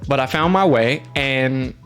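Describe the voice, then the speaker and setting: A man casually telling a travel story on his stream, animated and jumping into quoted voices. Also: mid-range voice, measured pace, soft background music.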